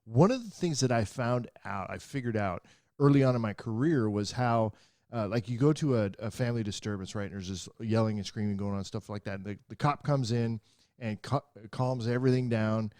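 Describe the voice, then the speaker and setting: A man's voice: fairly low pitch, a little fast, darkish tone, dry recording, studio quality. A man co-hosting a podcast, explaining at length in a casual way and often checking in with "right?". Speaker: podcast co-host. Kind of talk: casual chat.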